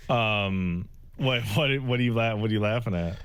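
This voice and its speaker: A man's voice: fairly low pitch, lively intonation, fairly bright tone, clean tone, no echo. A man co-hosting a casual podcast, chatting loosely and swearing often. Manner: swears often, quick asides. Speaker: podcast co-host. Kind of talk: casual chat.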